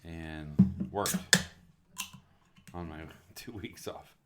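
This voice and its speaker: Brief: male co-host, very low voice, tired, keeps answers short and easygoing. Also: drawn-out words, very noisy. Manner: short laid-back replies. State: sleepy. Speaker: podcast co-host. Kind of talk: casual chat.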